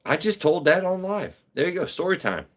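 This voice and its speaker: A man's voice: sits high, a little fast. A man hosting a live stream, telling a story casually with lots of swearing and rambling restarts. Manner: rambling, profane, animated. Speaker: host.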